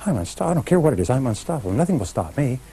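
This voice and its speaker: On a poor-quality recording, a middle-aged man delivers a motivational seminar talk, addressing a live audience directly and emphatically and leading call-and-response chants. His mid-range voice is warm, slightly rough, very animated, and rapid-fire.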